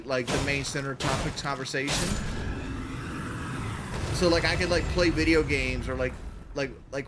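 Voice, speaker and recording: A man chatting casually while streaming a game, rambling with lots of "like" fillers and cursing. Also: a little high. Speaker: gaming streamer. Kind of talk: casual live-stream chat while gaming. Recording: noisy background hiss.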